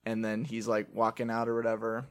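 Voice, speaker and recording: A man co-hosting a podcast, recapping movies in casual chat with playful, animated storytelling. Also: fairly low pitch, a little fast. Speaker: podcast co-host.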